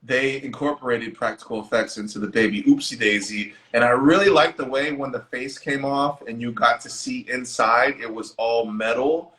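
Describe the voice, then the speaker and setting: Brief: male co-host, casual movie chat, bright tone, animated and profane. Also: mid-range voice, moderate pace, few pauses, rough recording. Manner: excitable, laughing, swears freely. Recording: online live stream.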